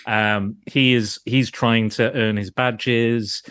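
A man's voice: medium pitch, fairly even intonation, takes it slowly, a bit bright, clean tone, no echo. Rambling man, dry close sound. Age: adult, grew up in the nineties. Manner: rambling, self-deprecating, swears and laughs often. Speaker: podcast co-host. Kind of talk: casual podcast chat.

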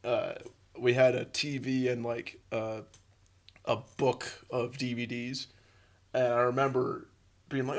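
A man with a gravelly, creaky voice at a middle pitch, chatting with a friend. He tells stories in a relaxed way, full of fillers and casual swearing. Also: a little slow. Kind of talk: casual chat.

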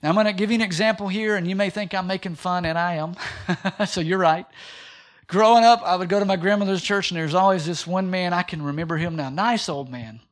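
A man's voice: sits high, fairly quick. A man preaching a sermon in a church, reading scripture and joking with his congregation. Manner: humorous, animated preaching. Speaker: pastor.

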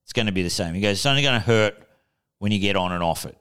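Young Aussie man, low smooth voice, relaxed storyteller on a podcast. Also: quick pace. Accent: Australian. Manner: laid-back storytelling, swears freely. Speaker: podcast co-host. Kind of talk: casual chat.

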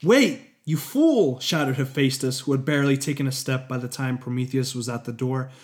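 Man, story co-narrator, expressive scripted reading, medium pitch. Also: brisk.

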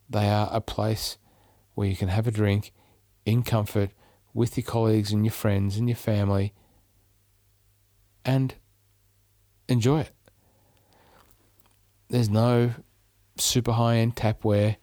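Aussie guy yarning on his podcast, lowish voice, dead dry sound, keeps restarting words. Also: darkish tone, no echo. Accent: Australian. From Australia. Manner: chatty storyteller, upbeat, restarts mid-phrase. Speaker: podcast host. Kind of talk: casual travel chat.

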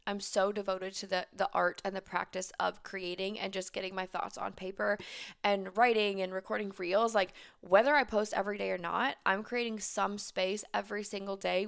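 Brief: woman, 30s, coach hosting her own podcast, gravelly fry, emphatic, casual swearing. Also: mid-range voice, fairly bright tone. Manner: chatty, emphatic, swears and laughs often. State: thirty-five weeks pregnant, short on sleep. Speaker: business coach and podcast host. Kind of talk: casual solo podcast monologue.

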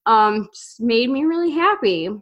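A woman's voice: fairly high pitch, animated, unhurried, a bit bright. A woman co-hosting a podcast in casual chat, enthusiastic and chatty, often restarting her sentences. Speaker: podcast co-host.

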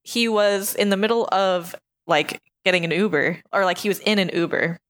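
Female co-host, mid-pitched, rambling storyteller, casual chat. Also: normal speed, fairly bright tone. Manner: chatty, rambling, laughs easily. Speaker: podcast co-host. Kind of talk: casual chat, reading news stories.

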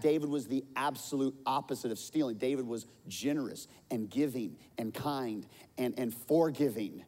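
A man preaching a sermon, telling a story with lively delivery and loudly acting out the quoted lines. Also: mid-range voice, big-room sound. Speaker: pastor.

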